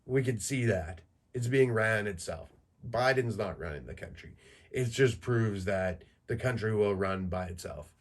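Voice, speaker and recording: A man's voice: fairly low pitch, expressive, unhurried. A man in his thirties hosting a solo podcast, talking in a crude, rambling, joking way full of fillers. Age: 30s. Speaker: podcast host. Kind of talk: solo casual monologue.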